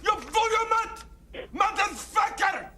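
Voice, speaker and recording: An actor playing a furious card player who is losing a poker hand, shouting, from a film clip. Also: male voice, very high-pitched, expressive, takes it slowly, a loud crowd, heavily acted. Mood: enraged.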